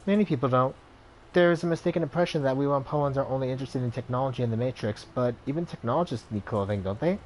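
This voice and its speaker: A man's voice: medium pitch, fast, close to an everyday voice, rough recording. A man voicing a polite, proud male master tailor who talks in a courteous, formal, salesman-like way.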